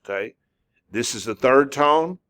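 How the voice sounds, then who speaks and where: This relaxed lesson comes from a native English-speaking man who teaches languages, his voice sitting in the middle range. Slow, repeated syllable demonstrations stretch each sound out, broken up by frequent "uh" fillers while he gathers his thoughts.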